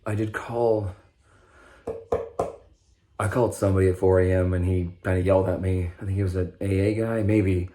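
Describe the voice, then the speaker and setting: A young man with a low voice talks straight to the camera in an unscripted monologue. He rambles and swears freely, breaking off and restarting his sentences. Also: steady tone, normal speed, pauses often, dark tone. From Nebraska. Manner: rambling, profane, stop-start with many restarts. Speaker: vlogger sharing recovery story.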